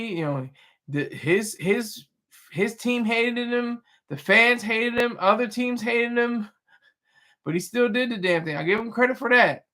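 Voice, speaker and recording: A man's voice: extremely high pitch, a little slow, sharp tone. A man hosting a casual livestream, rambling through his thoughts with restarts and chatting with viewers. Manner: rambling, restarts, chuckles at chat. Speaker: livestream host reading chat.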